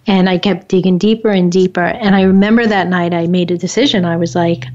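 Low-voiced woman guest, lo-fi sound. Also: brisk, hardly any pauses. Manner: relaxed, reflective, uses many "like" fillers. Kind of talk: casual storytelling. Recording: dull lo-fi sound.

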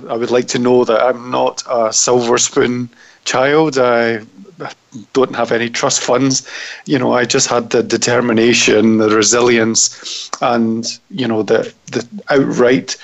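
A man's voice: medium pitch, vocal fry. Earnest Scottish man on a call. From United Kingdom. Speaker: guest. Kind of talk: interview. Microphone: internet call. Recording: muffled lo-fi call audio.

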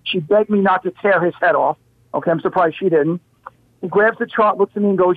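A man's voice: high-pitched, a little fast. A man telling stories as a guest on a talk show, emphatic and full of rhetorical questions. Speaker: guest, health practitioner. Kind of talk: animated storytelling on a talk show. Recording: dry phone line.

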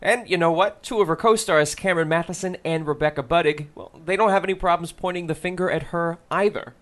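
Playful male host, high voice, dry sound. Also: quick pace, fairly bright tone, dry recording. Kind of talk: scripted narration.

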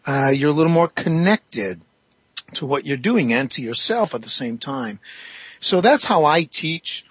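A man who teaches breathwork, talking calmly on the line as a radio guest and explaining ideas with fillers. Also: fairly high pitch, a little slow, husky, dry recording. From Canada. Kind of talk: phone-in radio interview. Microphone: phone line.

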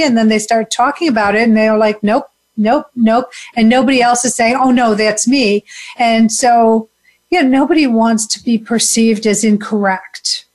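This is a woman hosting a talk show, her voice sitting a little high. She asks questions and agrees with her guest in a relaxed, conversational manner. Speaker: host. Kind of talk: casual talk show interview.

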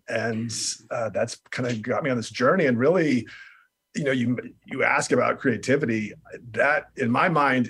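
A man's voice: medium pitch, breathy edge. A man who writes books, a guest on an online talk show, speaking earnestly and enthusiastically. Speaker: guest author. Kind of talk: casual interview talk on a video call.

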